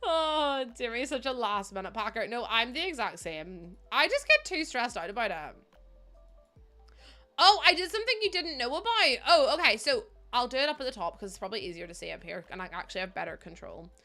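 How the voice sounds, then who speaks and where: Bright-voiced Northern Irish woman streaming. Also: mid-range voice, very animated, fairly quick, hardly any pauses, soft background music. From Northern Ireland. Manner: chatty, chats with viewers while building. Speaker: game streamer. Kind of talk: casual livestream chat.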